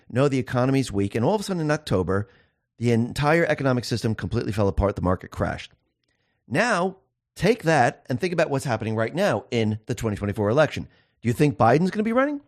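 Man asking rhetorical questions, lively pitch. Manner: rhetorical questions, emphatic repetition; reads quoted passages aloud. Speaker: political commentary host. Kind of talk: solo political commentary monologue.

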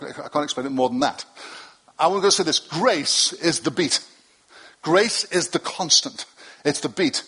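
In a church hall, a middle-aged male pastor delivers a loose, conversational sermon to his congregation, full of asides and jokes at his own expense. His voice is on the high side and fairly bright, with a breathy edge.

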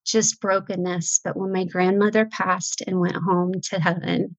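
A woman's voice: fairly low pitch, level tone, measured pace, dry recording, lo-fi sound. Heartfelt woman telling a faith story. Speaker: guest author. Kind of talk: emotional faith conversation.

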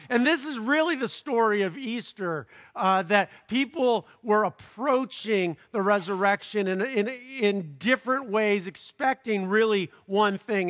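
A middle-aged man from Southern California, a pastor who preaches by telling a lively personal story and chuckles at his own jokes. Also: high-pitched.

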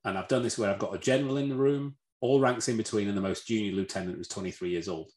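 A red team leader appearing as a guest speaker tells stories in an echoey room while answering during a talk. His voice is lowish and he talks fast. He is animated, repeats words as he starts sentences, and acts out voices.

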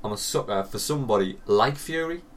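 Low-voiced man in casual banter. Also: animated, a little fast, recorded from a distance, slight background noise. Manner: swears freely, riffs with jokey asides. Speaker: podcast co-host. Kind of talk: casual chat.

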